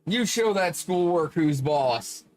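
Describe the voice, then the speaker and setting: A high-voiced man chats casually while he plays a game, rambling from joke to joke and swearing freely. Soft music runs underneath. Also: animated, slow pace. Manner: rambling, profane, joking. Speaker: gaming streamer. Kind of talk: casual chat while gaming.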